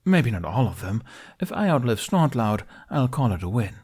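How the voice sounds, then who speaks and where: A man voicing a playful, easygoing young man with a relaxed, wry, teasing way of speaking. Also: medium pitch, normal speed, slightly rough.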